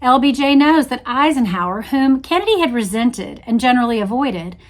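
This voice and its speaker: A woman leads a book-based history discussion. Her voice sits a little high, and she reads quoted passages aloud with shifting inflections before pausing to muse on them. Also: lively intonation. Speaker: host reading from a history book.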